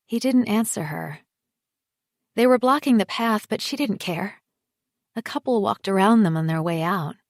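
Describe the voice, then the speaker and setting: A woman narrating an audiobook with measured, quiet scripted reading on a close studio mic. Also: medium pitch, gravelly, dry recording.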